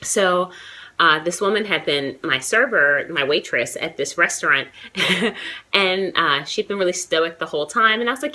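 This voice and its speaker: Chatty American woman with a bright voice. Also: fairly low pitch, normal speed. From United States. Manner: chatty, lots of likes and you knows, animated. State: has a cold, chesty. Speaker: travel vlogger. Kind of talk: casual talking-to-camera vlog.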